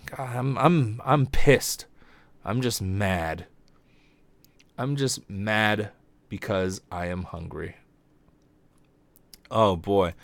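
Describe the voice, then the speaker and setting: A young man hosting a comedy podcast, ranting casually and profanely, his voice jumping high when he gets exasperated. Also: dry recording.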